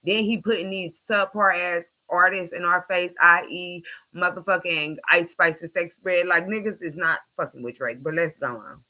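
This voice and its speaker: A woman's voice: lowish voice, steady tone, normal speed, few pauses, pushed and bright, poor audio. A woman hosting a late-night live stream, ranting bluntly and with lots of swearing.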